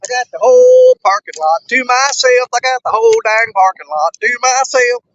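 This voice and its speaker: A man with a high voice talks to his viewers in an easy, folksy way while he works outdoors by the river. He sounds a bit out of breath from hauling gear. The camera mic is dull and lo-fi, and his voice sounds close and dry. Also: moderate pace, fairly bright tone, no room sound. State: out of breath from walking. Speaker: fishing vlogger. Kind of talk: casual outdoor vlog.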